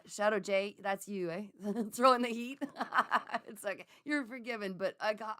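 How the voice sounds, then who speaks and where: Chatty, animated woman. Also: mid-range voice. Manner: animated and chatty, laughs often, reads viewer comments aloud. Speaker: psychic reader. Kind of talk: live-streamed card reading, chatting with viewers.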